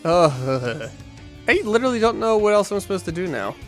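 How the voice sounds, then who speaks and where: A man with a fairly high voice chats casually while playing a video game and winds through a long, rambling anecdote. He acts out the voices of the people in his story, and faint game music runs underneath. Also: expressive, racing. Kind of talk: casual chat while gaming.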